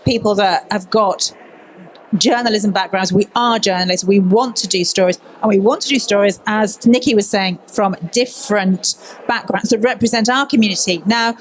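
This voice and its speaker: A woman's voice: medium pitch, normal speed, a little hiss or hum, rough recording. A woman news presenter from Birmingham, speaking candidly and telling stories in a conference panel discussion. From Birmingham, England. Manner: candid, animated storytelling.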